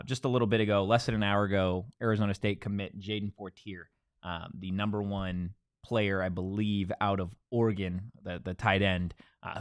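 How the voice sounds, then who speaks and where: A man hosting a sports show, giving news updates and chatting in a relaxed, conversational way. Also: lowish voice, no echo, clean studio sound. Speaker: sports podcast host. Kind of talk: casual sports talk.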